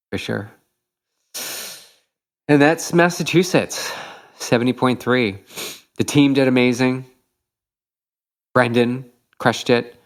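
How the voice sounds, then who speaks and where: A man's voice: medium pitch, vocal fry. A middle-aged man, a podcast host, telling a race story in casual chat, eager and reflective, with many fillers.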